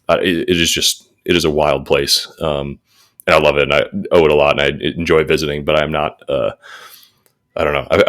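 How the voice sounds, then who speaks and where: A man joins a podcast as a guest and talks in a thoughtful, halting way, with fillers along the way. His voice is extremely deep. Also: fairly bright tone. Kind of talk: casual conversation.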